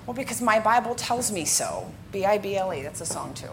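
Lively woman teaching in a church. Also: mid-range voice, brisk, heavy background noise. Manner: lively, jokes with the congregation. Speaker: worship director. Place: church sanctuary before a congregation.

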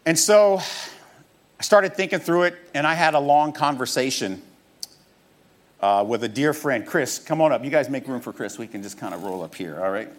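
Emphatic, animated preacher man. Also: medium pitch, moderate pace. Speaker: pastor. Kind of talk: sermon. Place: church stage with audience.

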